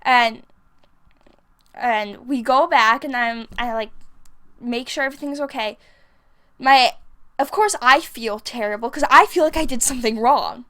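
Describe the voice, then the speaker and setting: Woman, young adult, high pitch, casual storytime voiceover, rambling filler-heavy talk. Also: measured pace, long pauses, bright, forceful tone. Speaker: vlogger. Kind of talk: casual storytime over a game build.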